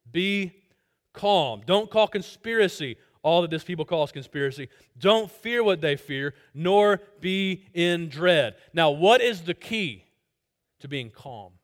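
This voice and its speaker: A male pastor giving an expository sermon, emphatic and repeating key phrases, swinging between loud stress and soft drops. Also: on the high side.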